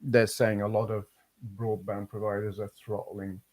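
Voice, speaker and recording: A man's voice: fairly low pitch, level tone, moderate pace, a little mellow. An English man hosting a casual live stream, chatting loosely and reading out viewer comments.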